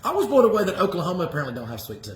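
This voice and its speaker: A fast-talking Southern man with a high voice rattles on, brash and folksy, cussing freely. He sounds middle-aged, and his words ring in a roomy, echoey space. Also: wildly swooping pitch, slight background noise. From Alabama. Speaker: comedian host. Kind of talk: casual comedic chat. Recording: roomy echo.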